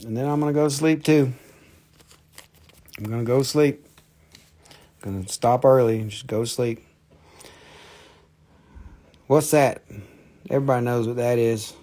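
A man's voice: mid-range voice, a little slow, long pauses, dark tone. A man with an Appalachian accent hosting a live crystal and mineral sales stream, with rambling, playful salesman banter. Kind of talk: joking live sales pitch.

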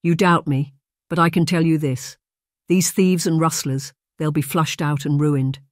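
A man's voice: a little high, steady tone, measured pace, dry recording, studio quality, lightly acted. A man reading an audiobook, voicing a bad-tempered, blustering laird. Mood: angry. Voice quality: harsh, raging.

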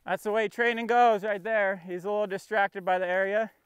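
A man's voice: sits high, fairly even intonation, fairly quick, fairly bright tone, smooth, no echo. A man training his puppy outdoors, coaxing the dog and explaining each step in a casual vlog. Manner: coaxing and talking to his dog, narrating between commands. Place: outdoors in a field.

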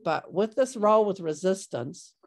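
A woman's voice: medium pitch, animated, measured pace, a little mellow. A middle-aged woman gives a training talk over a video call, chatty, with many fillers, and acts out sample replies. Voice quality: conversational, filler-heavy, acts out example replies. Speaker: workshop trainer.

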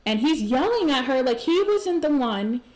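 A woman hosting a game channel, giving excitable let's-play commentary with gasps and exclamations. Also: high-pitched, normal speed, crowd noise. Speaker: gaming channel host.

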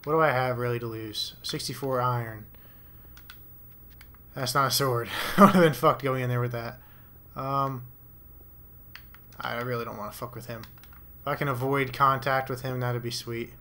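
A man's voice: medium pitch, fairly even intonation, normal speed, long pauses, pushed and bright, a little hiss or hum. A young man giving rambling, profane commentary to himself while playing a game. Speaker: gamer. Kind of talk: casual let's play commentary.

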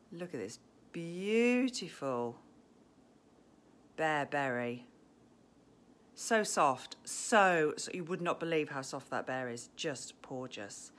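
With a low-pitched voice, the shop host live-streams a tour of an indoor store on a handheld phone, gushing and chatty, at times slipping into a hushed near-whisper.

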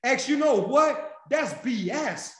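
Man acting out a high-voiced emotional young woman. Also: animated, slow pace, a bit bright, reverberant, heavily acted. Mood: frustrated. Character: tearful young woman agent, nervous then fired up.

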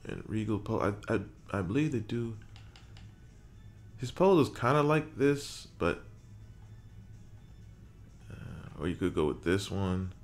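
A gaming creator with a fairly low, expressive voice takes his time narrating as he builds a wrestler in a video game, with faint music behind him. He talks casually, mutters to himself often, and swears now and then.

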